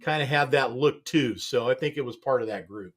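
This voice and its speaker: A man's voice: medium pitch, a little fast, a bit bright. A man hosting a casual studio chat show, talking in a rambling, laid-back way and chuckling often. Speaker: show host.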